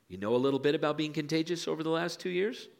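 A pastor preaching a sermon in a church, telling folksy stories and dropping to hushed lines for emphasis. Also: male voice, on the high side, fast talker, gravelly. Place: church sanctuary.

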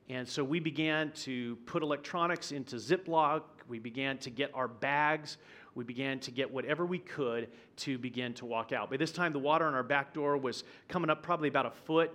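A male pastor speaks in a church auditorium, his voice a touch higher than most men's. He tells a personal story in a conversational sermon style and acts out what people said. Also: a bit bright. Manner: vivid, conversational storytelling with acted-out quotes. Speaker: guest pastor.

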